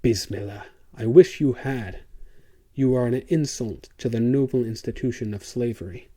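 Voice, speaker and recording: A man voicing a furious, loud male horse dealer in an audiobook. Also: medium pitch, normal speed, breathy edge, close to an everyday voice. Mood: raging. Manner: raging, loud.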